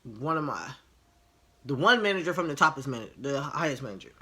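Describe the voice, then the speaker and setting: A man's voice: medium pitch, very animated, fast, bright, forceful tone, husky. A man casually telling a work story to camera, frank and profane, acting out each side of the conversation. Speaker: line cook.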